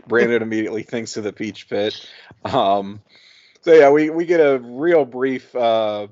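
A man with a mid-pitched voice co-hosting a podcast, easygoing and amused, often breaking into laughter. His speech comes through a dull, lo-fi recording. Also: a little slow, darkish tone. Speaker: podcast co-host. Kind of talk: casual chat recapping a TV episode.

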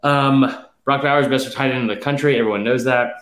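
A man in a casual sports chat reels off numbers and predictions with emphatic drive, sounding slightly out of breath. His mid-pitched voice sits in an echoey room that rings around every line. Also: steady tone, fairly bright tone. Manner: rapid stat-heavy, emphatic, with fillers. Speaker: podcast host.

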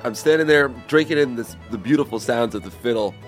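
A man's voice: mid-range voice, brisk, faint music behind. A man playing a tabletop game, joking and laughing between his lines. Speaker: player. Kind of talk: casual tabletop game play.

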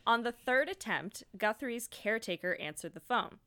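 A woman's voice: on the high side, expressive, normal speed, bright, forceful tone. A woman co-hosting a podcast, telling a history story in casual chat and laughing often. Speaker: podcast co-host.

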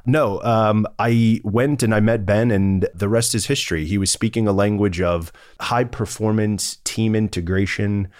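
A man's voice: on the low side, normal speed, few pauses, a little mellow, no room sound, clean studio sound. A man, a partner at an executive search firm, speaking in a conversational interview with an earnest, polished business manner.

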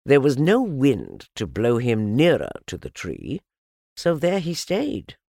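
Slow, gravelly storybook narrator, a man. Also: mid-range voice, wildly swooping pitch, no room sound, studio quality. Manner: slow, deliberate, softly lilting. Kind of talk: storybook reading.

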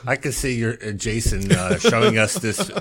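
A man's voice: mid-range voice, lively intonation, moderate pace, a bit bright. A man co-hosting a casual podcast, telling wry anecdotes and acting out both sides of the dialogue. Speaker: podcast co-host. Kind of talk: casual chat.

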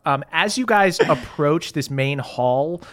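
A man's voice: fairly high pitch, expressive, slow pace, a bit bright, faint music behind. A man narrating a tabletop game as game master, loose and full of fillers.

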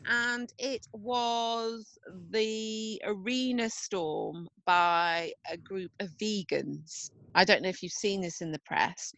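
A woman's voice: medium pitch, slow, gravelly, few pauses, fairly bright tone. A woman in her thirties from England, co-hosting a podcast in casual chat, blunt and down-to-earth, swearing freely. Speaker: podcast co-host.

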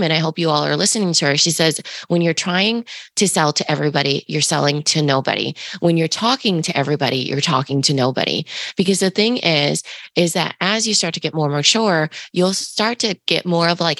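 A woman with a raspy voice, co-hosting a podcast, talking in a rambling, coaching way with many fillers. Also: low-pitched, fairly bright tone, no echo. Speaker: podcast co-host. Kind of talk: casual podcast monologue.

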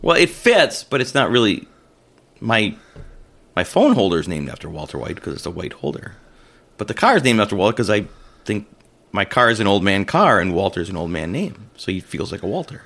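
Gravelly middle-aged man, lively co-host. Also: lowish voice, fairly quick. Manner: animated, joking, trails off mid-sentence. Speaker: podcast co-host. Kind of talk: casual chat over cocktails.

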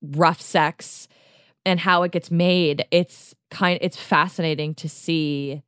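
A woman co-host chatting on a podcast, her voice sitting a little low for a woman. She rambles eagerly through stories, full of filler words, and acts out quotes as she goes. The sound is dry and close to the mic. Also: steady tone, takes it slowly, fairly bright tone, clean tone, no echo. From United States. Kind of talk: casual podcast chat.

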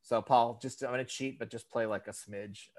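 A man co-hosting a podcast in casual chat, animated and profane, often mimicking voices when he quotes people. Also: mid-range voice, moderate pace. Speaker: podcast co-host.

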